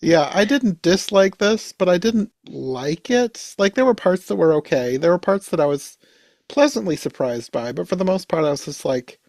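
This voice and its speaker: A man chatting casually on a podcast, relaxed and hedging, often saying "like". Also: high-pitched, normal speed, creaky, no room sound. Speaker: podcast host.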